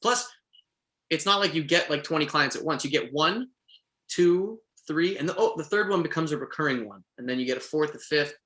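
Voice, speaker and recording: Bright-voiced man giving career advice. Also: fairly high pitch, lively intonation, brisk. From Quebec, Canada. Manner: earnest, encouraging, many restarts. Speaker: voice actor guest. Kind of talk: casual interview chat.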